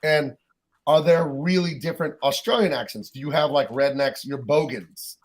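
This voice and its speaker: A man's voice: fairly high pitch, moderate pace. A man from California with a standard American accent on a podcast, asking questions and reading viewer questions from the chat. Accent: General American. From California, USA. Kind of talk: casual chat.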